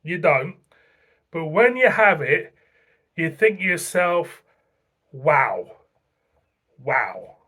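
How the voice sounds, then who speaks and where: Man, from Britain, chatty beer reviewer, enthusiastic, repeats himself, unhurried delivery. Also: sits high, animated, sharp tone. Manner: enthusiastic, repetitive, laughing often. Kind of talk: casual beer review vlog.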